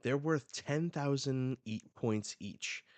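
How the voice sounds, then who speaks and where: A man's voice: mid-range voice, slow, darkish tone, dry recording, pitched above the performer's own voice, natural voice. A man reading aloud as a gleeful aristocratic male announcer of a hunt.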